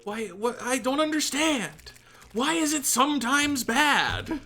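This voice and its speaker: A streamer narrating their own run in live gameplay commentary, swinging from muttered planning to exasperated outbursts. The voice is bright and sharp, and the pitch bounces around a lot. Faint game music plays underneath. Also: slow pace. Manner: exasperated, excitable, talking to self and chat.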